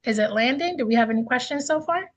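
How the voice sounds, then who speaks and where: A woman teaches a casual online class in a husky, fairly high voice. She runs through lists of terms and then riffs on them with chatty, everyday examples. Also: animated, quick pace, low-quality recording. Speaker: astrology teacher.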